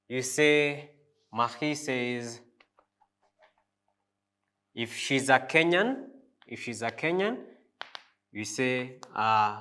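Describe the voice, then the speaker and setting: A man teaching a French lesson, repeating each phrase slowly and spelling out the pronunciation. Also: mid-range voice, bright, forceful tone. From Africa. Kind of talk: language lesson.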